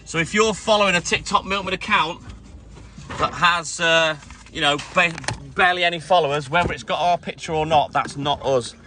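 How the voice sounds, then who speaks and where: A man's voice: fairly high pitch, moderate pace, sharp tone, a little hiss or hum. Chatty middle-aged milkman live-streaming. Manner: chatty, greets viewers and answers comments between stops. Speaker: self-employed milkman livestreaming. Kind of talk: casual live-stream chat while working. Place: on a night milk delivery round.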